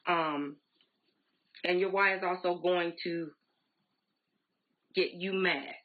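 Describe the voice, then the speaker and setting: A woman's voice: on the low side, fairly even intonation, slow, a little hiss or hum. A woman in her forties giving an emphatic, repetitive motivational talk to her sales team on a live stream. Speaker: direct sales team leader. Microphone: phone or laptop live stream. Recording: tinny phone-like audio.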